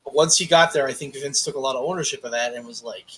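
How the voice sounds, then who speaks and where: A man co-hosting a podcast in casual chat, swearing freely and telling animated stories with acted-out quotes. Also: medium pitch, fast, a little hiss or hum. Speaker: podcast co-host.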